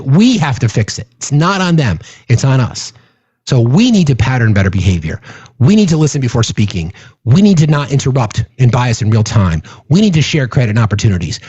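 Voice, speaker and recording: Passionate, profane man with husky voice. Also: medium pitch, a little mellow, dry recording, muffled recording. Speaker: livestream host. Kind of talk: casual livestream talk to chat.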